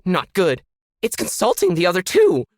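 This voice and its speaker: A man's voice: high-pitched, big pitch swings, unhurried, fairly bright tone, pitched above the performer's own voice, full character voice. A man voicing an unseen, disembodied voice running a glitching simulation, clipped and urgent. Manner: clipped, urgent technician talk. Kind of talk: audiobook character voice.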